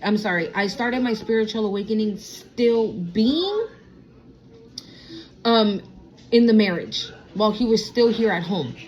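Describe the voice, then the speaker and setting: A woman's voice: medium pitch, lively intonation, a little slow, a little mellow, muffled recording. A woman in her thirties giving a casual spiritual vlog as a tarot reader, talking in a sassy, blunt way with plenty of slang and swearing.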